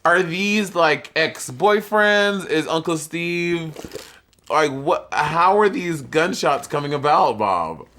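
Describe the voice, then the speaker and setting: A man in his thirties with a bright, forceful voice pitched a little high. He co-hosts a podcast in casual chat, sassy and expressive, and he swears freely. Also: slow. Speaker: podcast co-host.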